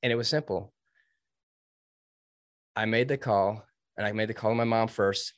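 Earnest low-voiced man telling a story. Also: fairly even intonation, normal speed, no echo. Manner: earnest, emotional, with restarts and laughs. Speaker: interview guest, former Navy SEAL trainee. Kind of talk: storytelling in a conversational interview.

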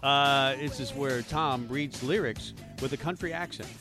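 A man's voice: medium pitch, measured pace, over music. A man hosting a radio talk show, chatty and self-mocking, with lots of fillers. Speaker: radio sports talk host. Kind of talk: casual radio banter.

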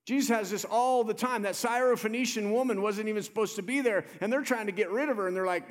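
A male pastor preaching an animated sermon, acting out the voices of the people in the story and urging the congregation to respond. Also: high voice, quick pace, few pauses.

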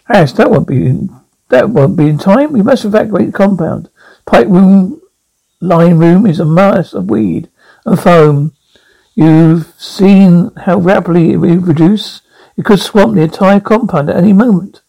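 A man's voice: sits high, vocal fry, dark tone, slightly rough, heavily acted, low-quality recording. A man reading an anxious compound controller. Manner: anxious, halting with restarts. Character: worried male compound controller. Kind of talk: script read aloud.

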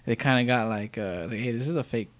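A man's voice: medium pitch, quick pace. A man chatting casually as a podcast guest, laid-back and blunt, swearing offhandedly. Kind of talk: casual chat.

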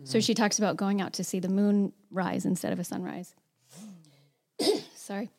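A woman's voice: medium pitch, fairly even intonation, moderate pace, vocal fry, warm tone. A woman leading a casual group discussion, reading a passage and asking the group questions in a loose conversational way. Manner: conversational, many fillers, asks questions.

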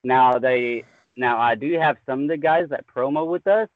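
A man's voice: medium pitch, normal speed, no room sound. A laid-back man with a Southern drawl who rambles in a friendly way through an interview. His voice sits mid-range and comes through dry and thin, as though carried over a phone line. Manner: easygoing, rambling, says "man" a lot. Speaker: guest. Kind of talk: casual podcast interview. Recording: tinny phone-like remote line.

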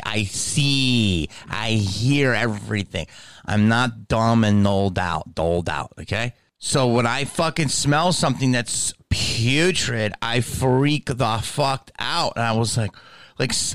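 A man's voice: medium pitch, fairly bright tone, no echo, studio quality. A man hosting a podcast, ranting in a profane, emphatic way and often asking "okay?". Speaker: podcast host. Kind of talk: casual ranting monologue.

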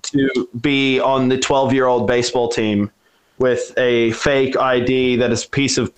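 A man's voice: medium pitch, little pitch movement, measured pace. A man casually telling a wild story, swearing constantly and acting out the voices in it. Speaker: storyteller guest.

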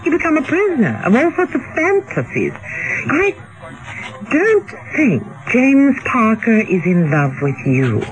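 An actress playing a cynical, worldly wealthy widow, arch and teasing, in a radio drama. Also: female voice, a little high, wildly swooping pitch, unhurried, rough recording. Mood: cutting.

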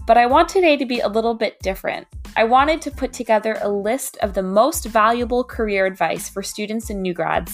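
Young woman, recruiter, podcast host, solo monologue, candid, self-deprecating, medium pitch.

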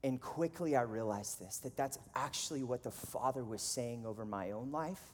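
Male pastor, 30s, mid-range voice, relaxed conversational preaching, big reverberant church hall. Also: medium pitch, moderate pace. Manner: casual, conversational, animated storytelling with frequent "like". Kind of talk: sermon. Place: church auditorium. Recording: long reverb of a large hall.

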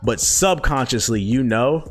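A man's voice: medium pitch, lively intonation, a little slow, soft background music. A man in his twenties answering viewer questions in a loose, profane, slangy way with lots of fillers. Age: 20s. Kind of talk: casual chat.

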